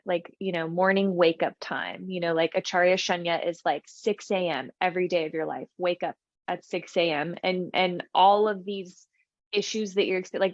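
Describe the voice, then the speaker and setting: A young woman with a slightly low voice talks in a loose, rambling way, full of fillers, restarts and laughs. The sound is dry, with no room around it, and a little dull and muffled. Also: dry recording. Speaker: podcast co-host. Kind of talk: casual chat.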